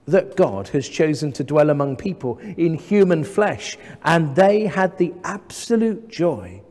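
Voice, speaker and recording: An English man delivers a sermon in a large church, his slightly raised voice mellow and unhurried. Long reverb trails every phrase. He asks the congregation gentle rhetorical questions with a touch of humour. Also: fairly high pitch. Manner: measured, gently humorous preaching with rhetorical questions. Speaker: vicar.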